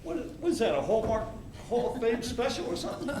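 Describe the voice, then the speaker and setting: An actor playing a brash, fast-talking male Hollywood agent in a live stage play, pushing with salesman patter. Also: very high-pitched, very animated, warm tone, slight background noise. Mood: pushy. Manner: pushy, wisecracking salesman patter. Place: theater stage. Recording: echoey stage from far off.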